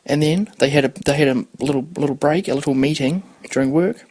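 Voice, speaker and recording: A man's voice: on the high side, fast talker, a little mellow. A man in his twenties hosting a podcast, chatting casually in a rambling way, swearing freely and losing his thread. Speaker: podcast host.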